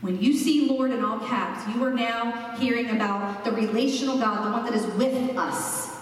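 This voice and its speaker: A woman preaching a sermon, expressive and slowing down for emphasis. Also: fairly high pitch. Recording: echoey hall, mic far off.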